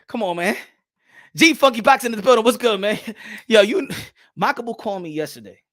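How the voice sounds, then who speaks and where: A man chatting casually as a boxing commentator, profane and laughing, with low, quieter asides. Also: expressive, a little fast. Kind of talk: casual comedic chat.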